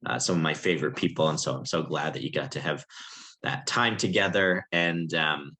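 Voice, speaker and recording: A man's voice: extremely low pitch, brisk, sharp tone, a little hiss or hum. A man co-hosting a church chat show, chatting casually with frequent ums and restarts. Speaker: co-host.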